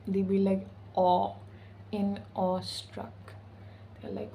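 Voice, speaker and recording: A woman's voice: medium pitch, completely flat delivery, slow, creaky, pauses often, lo-fi sound, a little hiss or hum. A woman channeling intuitive spiritual messages in a casual vlog, slangy, sassy and full of swearing. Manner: slangy, profane and sassy, with frequent "okay?".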